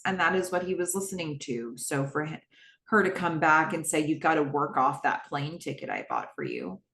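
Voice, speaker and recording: A woman talks through a TV scene in casual podcast style, chatty and full of fillers and exasperated asides. Her voice sits a little low. The recording has a noticeably roomy echo. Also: fairly bright tone. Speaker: podcast host recapping a TV episode. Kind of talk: casual solo recap, reading out scenes.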